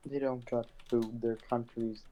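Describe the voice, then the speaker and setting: A man's voice: mid-range voice, level tone, measured pace, dark tone, rough recording. A young man from Canada, co-hosting a podcast in casual, blunt, opinionated chat.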